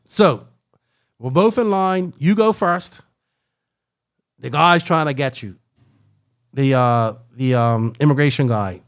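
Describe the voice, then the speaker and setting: A man telling a long travel story in casual podcast chat, rambling and animated, tagging lines with "right?" and "like". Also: medium pitch, takes it slowly, pauses often.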